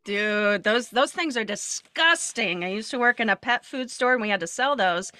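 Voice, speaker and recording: A woman's voice: a little high, expressive, normal speed, bright, forceful tone. A woman hosting a podcast, asking questions in a chatty, hesitant way full of fillers. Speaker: podcast host. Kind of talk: casual interview.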